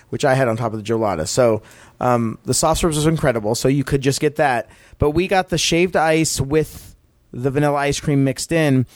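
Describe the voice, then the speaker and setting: A middle-aged man co-hosting a podcast, chatting casually in an excited, rambling way and acting out quotes. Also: medium pitch, moderate pace, no room sound. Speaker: podcast co-host. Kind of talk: casual chat.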